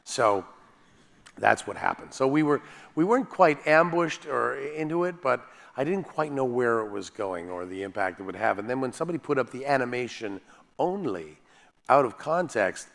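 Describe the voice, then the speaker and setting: A man, a voice actor and panel guest, telling animated, self-deprecating stories with frequent restarts. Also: medium pitch, moderate pace, creaky, in a large hall. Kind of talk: animated anecdotal storytelling.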